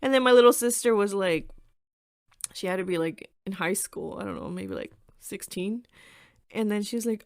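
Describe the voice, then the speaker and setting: A woman's voice: mid-range voice, sing-song, normal speed, no room sound, clean studio sound. A woman in her twenties hosting a podcast, telling personal stories in a chatty way, laughing often and swearing casually. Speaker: podcast host. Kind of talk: casual storytelling monologue.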